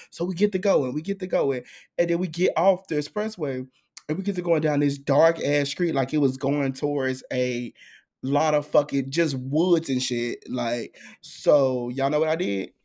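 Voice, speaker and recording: A young man hosting a podcast, telling a story in an animated, profane way with frequent laughter. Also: on the high side, moderate pace. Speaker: podcast host. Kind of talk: casual chat storytelling.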